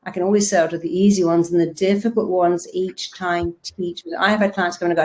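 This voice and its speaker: A woman's voice: mid-range voice, fairly quick, hardly any pauses, a little mellow. A woman self-help speaker giving a motivational talk, telling stories and acting out the voices of people she quotes, with emphatic repeated words.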